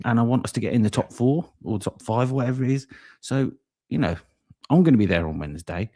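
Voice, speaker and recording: A man's voice: mid-range voice, animated, fast talker, mellow. A man co-hosting a live fan chat, talking in an earnest, rallying way over a beer. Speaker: fan channel co-host.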